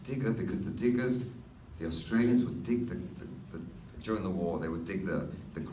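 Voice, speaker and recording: A man's voice: deep voice, brisk, mellow, a little hiss or hum. A man in his sixties from North London with an English accent, telling rambling stories to an audience with wry asides. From North London, England. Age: 60s. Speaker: master stylist, speaker. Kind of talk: anecdotal talk to an audience. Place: hall with an audience. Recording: echoey hall, mic at a distance.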